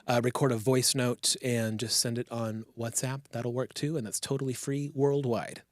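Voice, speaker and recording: A man hosting a casual podcast, talking in a relaxed, rambling and reflective way. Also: mid-range voice, moderate pace, no echo. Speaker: podcast host and comedian.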